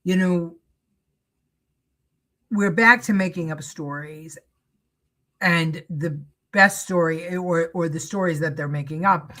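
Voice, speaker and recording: A woman hosting a political talk show, chatting through viewer comments with many fillers and restarts. Her voice sits a little low but sounds bright and crisp. She speaks in an unhurried, slow way.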